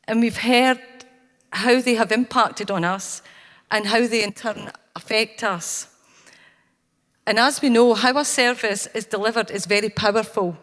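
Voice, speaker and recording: A Scottish woman speaking at a conference, telling a personal anecdote with earnest, anecdotal warmth. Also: a little high. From Scotland. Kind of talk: storytelling keynote talk. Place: conference hall. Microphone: handheld or stage mic, cutting out. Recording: long hall reverb.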